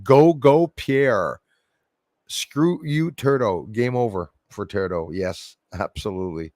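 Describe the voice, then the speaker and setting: A man's voice: on the low side, animated, slow pace, a little mellow, no room sound, clean studio sound. A middle-aged man, hosting a livestream and chatting casually through viewer comments, rambling and laughing often. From Canada. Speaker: livestream host.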